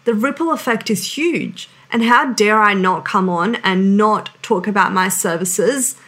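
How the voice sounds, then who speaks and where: A woman in her thirties speaks as a sales coach in a motivational business talk. She is earnest and emphatic, leaning on "like" as she goes. Her voice sits at an ordinary middle pitch. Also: measured pace, fairly bright tone. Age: 30s. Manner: earnest and emphatic, heavy use of "like".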